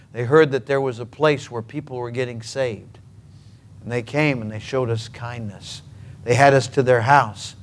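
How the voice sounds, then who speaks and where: Earnest male preacher telling stories. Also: medium pitch. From Minnesota. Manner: earnest, emphatic, with dramatic pauses. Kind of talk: sermon storytelling.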